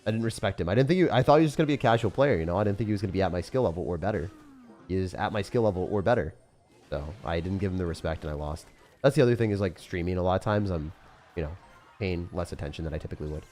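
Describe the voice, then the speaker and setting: A young man streaming a game live, chatting through each play in loose, slangy banter. His voice sits a bit low, and a faint music bed plays under it. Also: expressive, rapid-fire. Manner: loose, jokey, slangy banter with sudden shouts. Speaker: gaming streamer. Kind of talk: live gameplay commentary.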